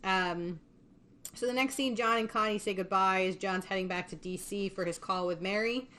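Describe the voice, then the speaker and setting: A woman's voice: mid-range voice, moderate pace, a bit bright. A woman hosting a podcast, recapping a film scene by scene in casual chat, swearing freely and laughing often. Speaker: podcast host.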